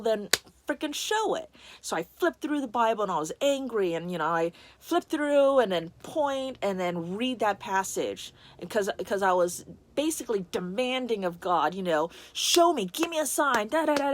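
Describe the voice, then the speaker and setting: Emotional woman sharing a personal story. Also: fairly low pitch. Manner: emotional, candid, many restarts and fillers. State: close to tears. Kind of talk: personal testimony to camera.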